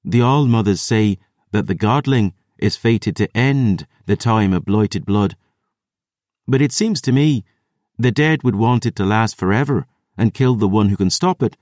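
A man voicing a fierce, sharp-tongued young woman warrior in an audiobook, brash and mocking. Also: on the low side, unhurried, no echo, clean studio sound, voice pushed up, close to an everyday voice. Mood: suspicious. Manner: brash, mocking, dialect-flavoured.

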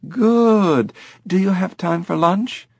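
A man's voice: high voice, takes it slowly, vocal fry, darkish tone, no echo, clean studio sound, pitched above the performer's own voice, exaggerated voice. A man reading an audiobook, voicing an older, well-off woman who brushes off bad news with breezy, chiding remarks.

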